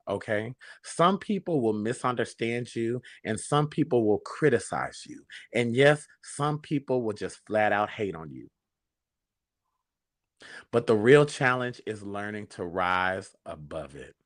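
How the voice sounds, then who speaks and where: A man's voice: lowish voice, animated, a little slow, fairly bright tone, no echo, studio quality. A man hosting a talk show, telling stories and giving a preachy, sassy reflection that calls listeners baby. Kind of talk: casual talk show monologue.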